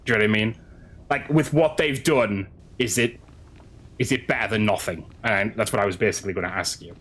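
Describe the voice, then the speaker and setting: A man streaming a game, chatting casually with his audience in a halting way, with frequent restarts. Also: lowish voice, a bit bright, husky. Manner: halting, chatty, many restarts, answering chat. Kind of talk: casual stream chat while gaming.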